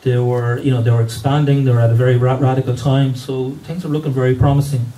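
A man's voice: mid-range voice, little pitch movement, quick pace, dark tone. Hesitant man lecturing from afar. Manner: hesitant, many fillers and restarts. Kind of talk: academic history lecture. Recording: distant mic with faint room noise.

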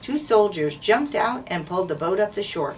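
A woman school administrator reading a children's chapter book aloud in a steady, clear way. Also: mid-range voice, moderate pace. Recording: distant mic, faint noise.

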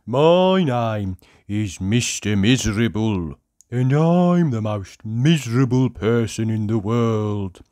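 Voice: medium pitch, expressive, mellow, dry recording, studio quality. A reader doing gloomy, sniffly Mr Miserable. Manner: mopey, slow and sniffly. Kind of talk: storybook read-aloud.

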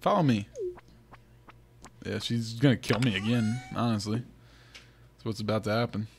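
A man's voice: fairly low pitch, level tone, brisk, a little hiss or hum. A man giving casual gameplay commentary as host, full of joking, sarcastic asides, recorded at home. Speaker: let's play host.

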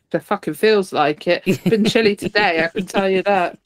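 A woman's voice: medium pitch, moderate pace, no echo. A young adult woman, co-hosting a podcast in casual chat, sweary and laughing often. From Cornwall. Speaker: podcast co-host.

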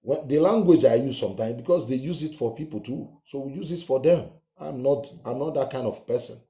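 A man's voice: mid-range voice, fairly quick, dark tone. A man giving heated political commentary on his channel, scornful and ranting, swearing now and then. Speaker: vlogger. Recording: roomy echo.

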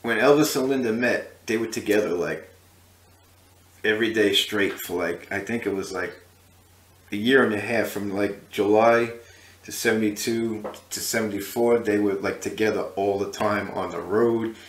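A man's voice: on the low side, steady tone, moderate pace, reverberant. A man hosting a history channel, telling a story casually to the camera with many fillers and restarts.

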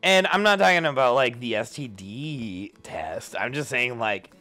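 A drunk young man telling a rambling story, jumping into loud high-pitched quotes. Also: huge pitch swings, measured pace, few pauses. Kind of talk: tipsy rambling anecdote.

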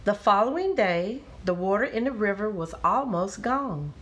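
A woman reading a children's storybook aloud with expressive, careful narration. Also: medium pitch. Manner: expressive and slow.

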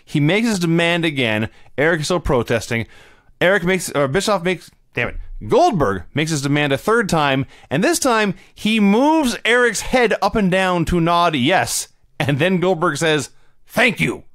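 A man's voice: fairly high pitch, expressive, normal speed, a bit bright, no room sound, studio quality. A man co-hosting a casual chat, laughing often and explaining what happened. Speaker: podcast co-host. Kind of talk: casual chat recapping wrestling.

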